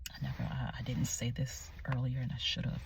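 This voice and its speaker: Gravelly-voiced woman telling her story. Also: a bass voice, monotone, fairly quick, in a whisper. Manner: candid and emotional, drops to hushed tones, many fillers. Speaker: faith vlogger sharing her testimony. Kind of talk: confessional personal storytelling.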